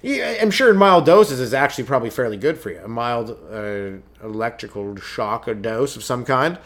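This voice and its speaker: A young man doing a rambling, profane comedy monologue as a stand-up podcast host, who keeps breaking into quick acted voices and yells. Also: medium pitch, expressive.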